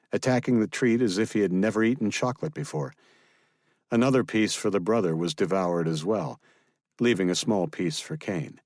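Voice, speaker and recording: A man narrating a thriller audiobook in a steady, even storytelling manner. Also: low voice, dry recording, studio quality.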